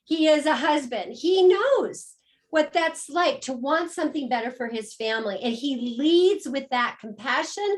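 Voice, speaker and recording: A woman with a high voice hosts a video call. She speaks with emphatic, heartfelt warmth and stacks repeated phrases to build her point. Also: lively intonation, a little slow. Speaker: host. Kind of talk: enthusiastic introduction on a call.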